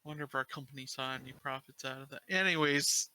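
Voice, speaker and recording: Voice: mid-range voice, fairly even intonation, fairly quick, hardly any pauses, pushed and bright. A player in a tabletop role-play who speaks hesitantly and gets exasperated, with some swearing.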